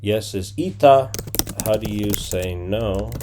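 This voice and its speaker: A man's voice: on the low side, slow, noisy background. A man in his forties teaching a casual lesson, thinking aloud and repeating phrases as he guesses them. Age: 40s. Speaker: language teacher. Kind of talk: casual screen-recorded lesson.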